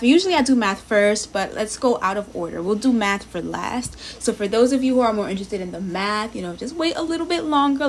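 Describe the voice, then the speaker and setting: A woman live-streaming her language practice, chatting casually, thinking aloud, sounding out words and greeting viewers in the chat. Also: fairly high pitch. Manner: reads lesson text aloud, sounding words out.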